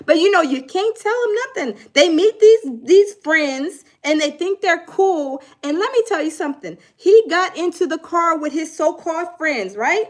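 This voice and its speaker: A woman with a bright, high-pitched voice, talking casually about crime news. Her delivery is preachy and conversational, with mocking quotes of others slipped in. She speaks like a host addressing her viewers. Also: expressive, moderate pace, few pauses. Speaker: commentary host.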